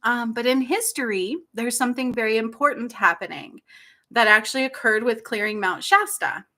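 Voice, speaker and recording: Woman in her forties, livestream healer, gentle teary delivery, slightly high bright voice. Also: moderate pace. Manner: soft, tender and tearful, with frequent apologies and laughs. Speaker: spiritual healer hosting a livestream. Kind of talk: emotional livestream talk.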